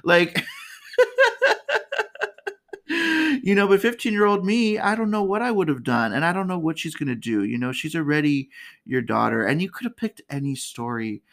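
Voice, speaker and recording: A woman's voice: fairly low pitch, lively intonation, normal speed, pauses often. A woman hosting a casual comedic commentary, chatty and candid, laughing often. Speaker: podcast host.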